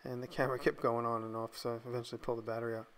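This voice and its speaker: A man casually narrating a voice-over of his workshop build, thinking aloud in a relaxed, tired way. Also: medium pitch, racing, slight background noise.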